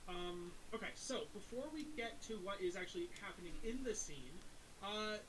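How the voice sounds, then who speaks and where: A woman's voice: medium pitch, normal speed. Woman game master over hiss. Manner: relaxed, hesitant with fillers. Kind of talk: narrating a tabletop game. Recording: clear background hiss.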